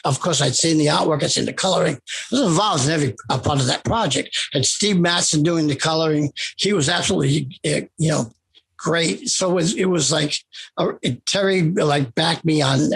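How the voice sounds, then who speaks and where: Older man, husky voice, fairly high pitch, interview guest, animated rambling anecdotes. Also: fairly quick. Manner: animated, rambling, with frequent restarts. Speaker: interview guest, comic writer. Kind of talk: anecdotal storytelling in conversation.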